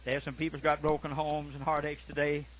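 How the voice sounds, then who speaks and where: An older man preaching a folksy sermon, dropping to soft murmurs and then shouting out his stories. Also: on the high side, monotone, a little fast. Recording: muffled lo-fi recording.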